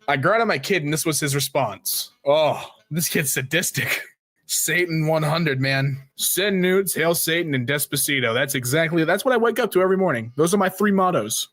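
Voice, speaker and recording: A man's voice: on the high side, animated, fairly bright tone, no echo. A man reading memes aloud as a streamer, joking and briefly switching into silly voices. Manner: jokey, reads meme text in quick silly voices. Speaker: meme reaction streamer.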